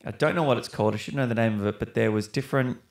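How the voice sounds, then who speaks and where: A man's voice: mid-range voice, rapid-fire. A young man, an actor, talking casually and rambling as a podcast guest. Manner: rambling, with many restarts and mild swearing. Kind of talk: casual interview chat.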